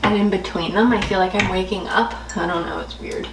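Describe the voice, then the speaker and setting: A woman's voice: medium pitch, fairly even intonation, brisk, background noise. A young woman vlogging at home, chatting casually and rambling, questioning herself as she goes. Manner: rambling, self-questioning, frequent laughs. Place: home kitchen. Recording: roomy, distant, with kitchen clatter.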